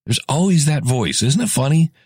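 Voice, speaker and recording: A man's voice: fairly high pitch, expressive, normal speed, a little mellow, slightly rough, no echo, studio quality. A man hosting a casual solo podcast, chatty and rambling, often correcting himself mid-sentence. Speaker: podcast host.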